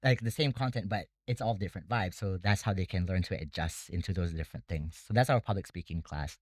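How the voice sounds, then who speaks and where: A man's voice: deep voice, fast, no echo. A man who runs a debate academy, talking casually in an interview and explaining things step by step with many fillers. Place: Bangkok.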